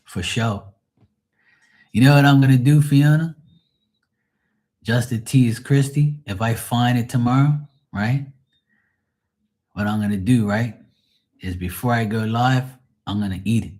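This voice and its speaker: Low-voiced, profane man rambling on a live stream. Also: darkish tone. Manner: profane, rambling, laughs often. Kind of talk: casual live-stream chat.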